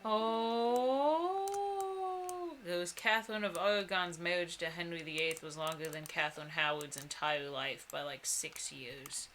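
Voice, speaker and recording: A woman's voice: sits low, fairly even intonation, moderate pace, few pauses, bright, forceful tone, a little hiss or hum. A woman co-hosting a casual gaming stream, reading viewer comments aloud and swearing casually. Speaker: co-host reading chat. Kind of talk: casual chat while gaming.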